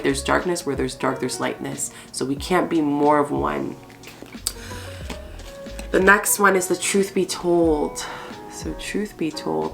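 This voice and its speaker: A woman's voice: low-pitched, creaky. A woman giving a chatty spiritual card reading, in her morning voice just after waking, laughing often. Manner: warm, laughing, chatty, mixes fast and slow stretches. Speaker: spiritual channel host, tarot reader.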